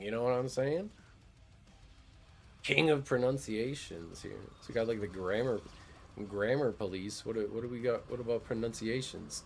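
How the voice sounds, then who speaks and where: A man's voice: mid-range voice, moderate pace, gravelly, darkish tone, husky. A man casually chatting over his gameplay as a streamer, laid-back and rambling, swearing now and then. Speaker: gaming streamer.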